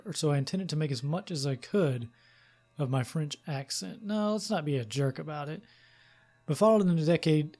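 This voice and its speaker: A man's voice: fairly high pitch, animated, moderate pace, a little mellow. A young man playing a game, chatting casually with fillers and reading its story text aloud. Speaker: let's play host.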